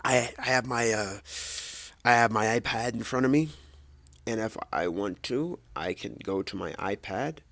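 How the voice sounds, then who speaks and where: A man with a fairly low, gravelly voice rambles casually as host of his own podcast, correcting himself and tossing in jokey asides. He speaks close to the microphone in a dry, dead-sounding home room. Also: moderate pace, a bit bright, no room sound. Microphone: close desk microphone.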